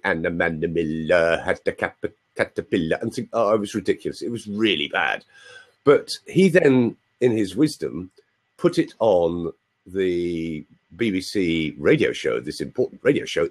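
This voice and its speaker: Here the voice is lowish and husky. The speaker, a man in his sixties from London with a matching accent, is a live video chat guest telling stories in a playful, chatty style and seeking confirmation from his listeners.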